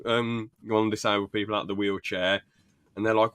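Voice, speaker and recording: A man's voice: lowish voice, level tone, a little fast, fairly bright tone, smooth, no echo, clean studio sound. A young man co-hosting a podcast, rambling through sitcom scenes and laughing as he retells them. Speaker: podcast co-host. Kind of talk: casual chat recapping a sitcom.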